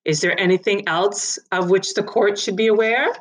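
Brisk, smoothly professional woman magistrate in a storybook, voiced by a woman reader. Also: mid-range voice, close to an everyday voice, rough recording.

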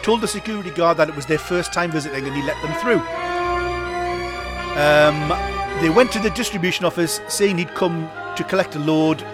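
Male co-host, slightly high voice, reads news items and laughs easily, music under. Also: fairly quick. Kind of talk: casual chat and story reading.

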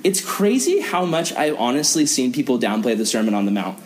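A young man preaching earnestly to teenagers as a youth pastor, animated and acting out other people's lines. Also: medium pitch, a little fast. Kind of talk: sermon to teenagers.

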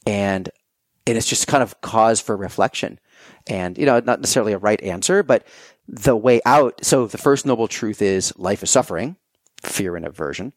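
Male podcast guest, low voice, dry sound, loose animated storyteller. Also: normal speed, dry recording. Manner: animated storytelling, acting out quoted thoughts; loose and conversational, many fillers. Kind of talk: casual conversation.

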